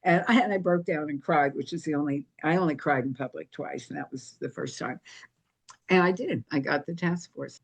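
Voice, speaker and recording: An older woman, a guest on an interview show, telling her story in a lively, anecdotal way. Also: sits low, normal speed, creaky, slightly rough.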